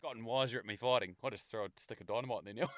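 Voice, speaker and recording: A man's voice: medium pitch, expressive, quick pace, sharp tone. A man co-hosting a podcast, joking in casual banter. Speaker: podcast co-host. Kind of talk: casual chat.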